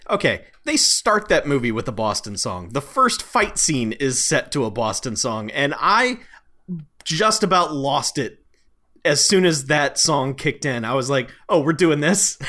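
A man in a casual movie review chat, telling his reactions in a lively, laughing way. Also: fairly high pitch, a little slow.

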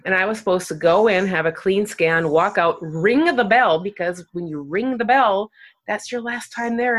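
A woman hosting a podcast in a casual, self-deprecating chat. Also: lowish voice. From Minnesota. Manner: chatty, self-deprecating, lively asides. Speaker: podcast host.

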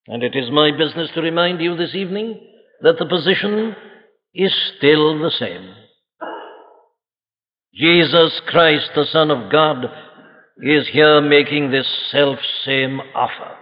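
A man's voice: fairly high pitch, animated, unhurried, long pauses. A man preaching a solemn, emphatic sermon to a congregation, asking rhetorical questions. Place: church congregation. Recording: lo-fi archive recording with long hall reverb.

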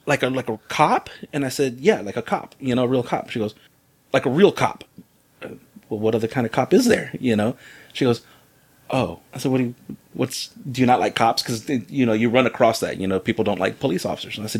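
A man's voice: medium pitch, husky. A man telling a funny personal story in casual chat, acting out the lines of others and laughing as he goes. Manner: animated, breaks into laughter, acts out quotes.

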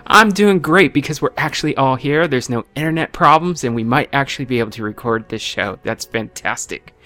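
A man's voice: mid-range voice, brisk, sharp tone. A man hosting a gaming podcast, chatting in an upbeat, joking way. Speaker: podcast host. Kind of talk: casual podcast chat.

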